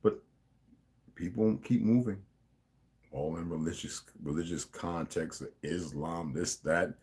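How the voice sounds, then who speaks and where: Male streamer, low voice, casual read-aloud; stumbles, self-corrects, chats between passages. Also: unhurried, darkish tone. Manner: rambling, stops to comment and correct himself. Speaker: livestream host reading a novel aloud.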